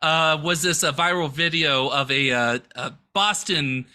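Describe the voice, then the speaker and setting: A man co-hosting a casual comedy podcast, giggly and animated, rambling loosely with lots of fillers. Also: fairly high pitch, measured pace, clean tone. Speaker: podcast co-host.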